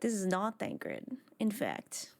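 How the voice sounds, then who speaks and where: A woman chatting on a casual live stream, excitable and rambling, with lots of "like" fillers. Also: mid-range voice, slow pace.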